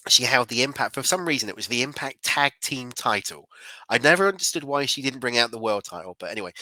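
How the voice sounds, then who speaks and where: A man's voice: mid-range voice, sharp tone, no room sound, rough recording. A man in his forties hosting a podcast, reading news and chatting in an upbeat, self-deprecating way. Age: 40s. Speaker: podcast host. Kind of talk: casual chat and news reading.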